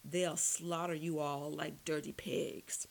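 A woman's voice: mid-range voice, moderate pace, natural voice. A woman voicing a captured male vampire who screams, snarls and wheezes under torture. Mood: wheezing threat. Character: captured male vampire, defiant then terrified.

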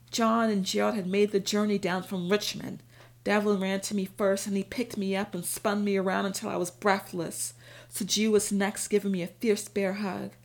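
A woman narrating a first-person audiobook in a steady, even storytelling manner. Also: mid-range voice, creaky.

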